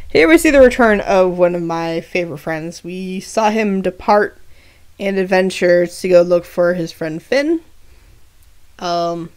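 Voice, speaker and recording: A woman's voice: on the low side, expressive, takes it slowly, long pauses, a little mellow, no echo. A woman reading her own fan fiction aloud on a livestream, breaking off for casual asides with fillers. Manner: casual asides with fillers between story passages.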